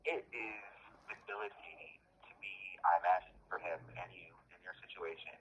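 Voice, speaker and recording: A man's voice: sits low, moderate pace, creaky, fairly bright tone. A man held in jail, talking earnestly and emphatically in an interview, often repeating and restarting his phrases. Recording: muffled phone line with faint hiss.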